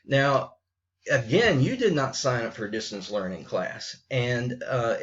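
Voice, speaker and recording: A middle-aged man talks straight to his writing students at a middle pitch, blunt and frank, stumbling and restarting as he goes. The recording is dull and lo-fi, like a simple home setup. He sounds like an old-school college teacher speaking off the cuff. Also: a bit bright. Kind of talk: unscripted video message to students.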